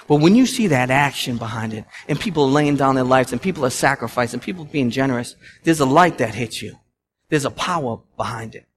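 Animated young preacher. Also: male voice, on the high side. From Massachusetts. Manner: animated storyteller, swinging from loud to hushed. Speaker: pastor. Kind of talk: sermon.

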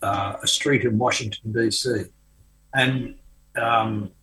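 An older man, a writer being interviewed, recounting an anecdote in a relaxed, conversational way with frequent ums and restarts. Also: medium pitch, slow pace, rough recording. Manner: hesitant, many fillers and restarts. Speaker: author guest. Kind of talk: conversational storytelling.

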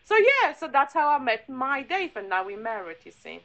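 A woman's voice: high-pitched, sing-song, moderate pace, fairly bright tone, rough recording. A middle-aged woman, a podcast guest, chatting casually and telling stories with lots of laughter. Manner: chatty, giggly storyteller. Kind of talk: casual chat.

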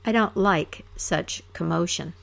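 A woman's voice: lowish voice, unhurried, vocal fry, a bit bright, exaggerated voice. A woman playing a bored, scolding old king. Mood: irritable. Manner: peevish, scolding.

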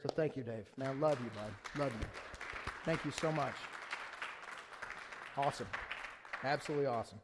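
A pastor giving a conversational sermon, eager and excited, often restarting his sentences and asking the room rhetorical questions. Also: mid-range voice, moderate pace, pauses often, a loud crowd, heavy background noise.

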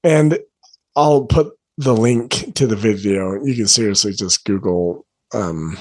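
A man's voice: lowish voice, a little slow, a little mellow, no echo. Chatty man, dry close mic. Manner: rambling, conversational, many "like" fillers. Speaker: coach and podcast host. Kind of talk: casual storytelling monologue.

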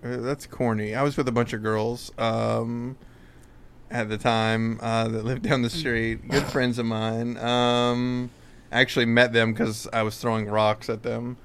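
A man's voice: mid-range voice, little pitch movement, measured pace, smooth. A man telling a rambling story in casual podcast chat, full of fillers and restarts. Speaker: podcast guest.

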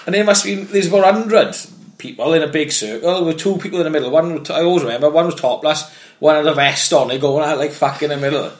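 A man and former amateur boxer, telling animated, swear-filled anecdotes in casual chat. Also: on the high side, fast.

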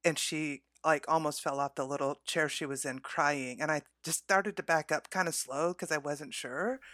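A woman's voice: low voice, moderate pace, fairly bright tone, no room sound, clean studio sound. A woman co-hosting a faith podcast, telling a personal story in an earnest, heartfelt way.

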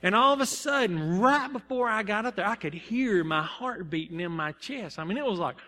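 A man's voice: high-pitched, expressive, normal speed, sharp tone. A young man preaching a sermon in a church, telling personal stories earnestly with bursts of emphasis. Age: young adult. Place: church sanctuary. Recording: long hall reverb.

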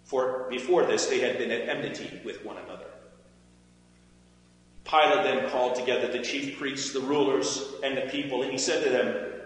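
A man giving a measured, expressive scripture reading in a church. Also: medium pitch. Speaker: scripture reader. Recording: echoey hall with faint hum.

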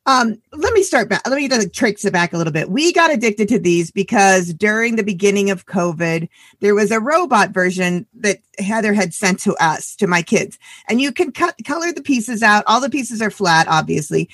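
A woman's voice: medium pitch, animated, moderate pace, fairly bright tone, no room sound, clean studio sound. A woman in her forties, co-hosting a podcast and chatting casually, telling stories with lots of laughter. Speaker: podcast co-host. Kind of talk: casual chat.

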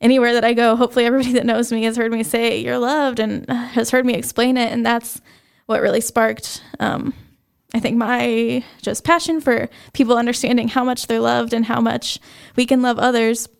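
A young woman, fairly high-voiced, tells her faith testimony as an interview guest, earnest and halting. Her tone stays flat and even, with a gravelly fry running under an otherwise smooth voice. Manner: earnest, halting, with many fillers.

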